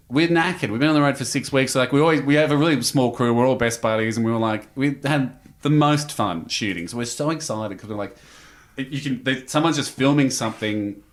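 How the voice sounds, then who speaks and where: An Australian man telling a story as a podcast guest, lively, with big pitch jumps when he acts out quotes. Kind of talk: animated storytelling.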